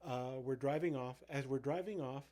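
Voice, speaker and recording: A youth pastor with a medium-pitched, dark-toned voice rambles through ministry stories at normal speed. It's casual storytelling chat, full of fillers and restarts.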